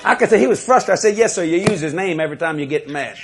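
A man delivers a sermon as a lively story. His voice sits a little high for a man. He laughs often and acts out each person's words. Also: rapid-fire, crowd noise, noisy background. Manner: animated, laughing storyteller acting out quotes. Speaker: preacher.

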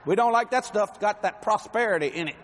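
Preaching in a big hall, a Cajun-accented man keeps his folksy sermon light with jokes. His high voice is expressive and fast, and a little hiss or hum runs under it.

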